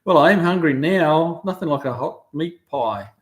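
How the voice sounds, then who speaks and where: Reading viewer comments on a casual live stream from his car shop, a middle-aged New Zealander chats easily, full of ums and uhs. His voice is a little high, his pace moderate, and there's slight background noise.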